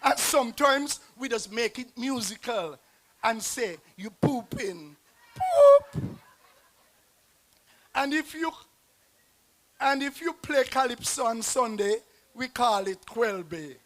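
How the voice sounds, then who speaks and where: A man with a Nevisian Creole accent performing a rhyming dialect poem as a guest poet, with a rhythmic delivery and dramatic swings in loudness. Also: very high voice, animated, unhurried. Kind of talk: performance poetry recital. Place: outdoor stage at a festival square.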